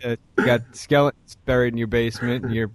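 Podcast host, male, mid-pitched, rambling casual chat with restarts, dry close mic. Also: fast talker, dry recording. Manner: rambling, animated, many restarts.

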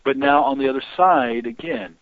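A man telling long stories in an interview, rambling and halting with many restarts. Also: mid-range voice, dry recording. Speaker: guest on deliverance ministry. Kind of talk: storytelling interview talk. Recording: tinny phone-line audio.

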